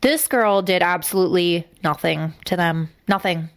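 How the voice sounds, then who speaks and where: A woman's voice: on the low side, moderate pace. A young adult woman co-hosting a true-crime podcast, talking bluntly and with a lot of swearing as she gets emotional. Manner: blunt and profane, getting emotional. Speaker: podcast co-host.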